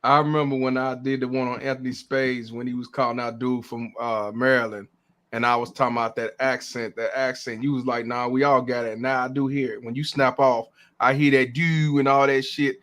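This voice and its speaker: A man's voice: medium pitch, level tone, a little fast. Laid-back male show host. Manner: laid-back, reads out donation shout-outs. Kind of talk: casual livestream talk.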